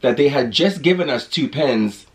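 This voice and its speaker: A man telling a lively storytime in a casual vlog, acting out quotes as he goes. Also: mid-range voice, moderate pace. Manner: chatty, animated storytelling with acted-out quotes. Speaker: vlogger.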